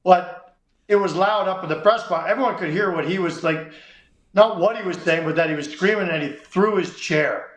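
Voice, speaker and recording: A man's voice: high-pitched, moderate pace, echoey room, rough recording. A Canadian man hosting a sports radio show, telling a long story and acting out the dialogue. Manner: animated, acts out quoted dialogue.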